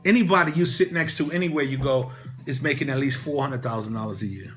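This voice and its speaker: A man's voice: mid-range voice, quick pace, a bit bright, faint music behind. A man giving casual motivational advice to camera, rambling with many "you know" fillers. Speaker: real estate broker and channel host.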